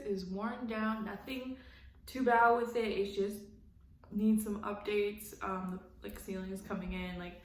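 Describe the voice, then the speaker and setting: Young woman vlogger, candid and foul-mouthed, slow easy pace, recorded in an echoey room. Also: medium pitch, a bit bright. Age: young adult. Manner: candid, profane, laughs often, blunt opinions. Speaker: reality TV recap vlogger. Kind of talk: casual recap commentary.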